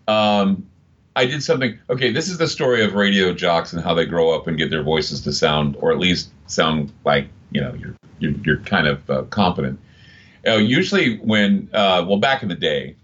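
Male broadcaster, 50s, low voice, emphatic rambling storyteller, muffled lo-fi audio. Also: a bit bright. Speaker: radio broadcaster guest. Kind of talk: casual interview talk. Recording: dull lo-fi sound.

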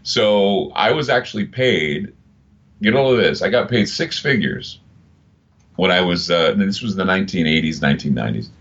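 A radio broadcaster in his fifties rambles through stories emphatically during a casual interview. His low voice is animated and a bit bright, at normal speed, and the recording has a dull lo-fi sound.

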